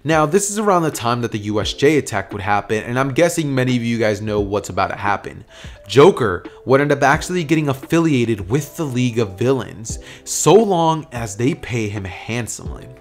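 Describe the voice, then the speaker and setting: A man's voice: mid-range voice, lively intonation, normal speed, soft background music. A man casually narrating a fan-made what-if story, rambling and thinking aloud, correcting himself as he goes. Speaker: YouTube storyteller.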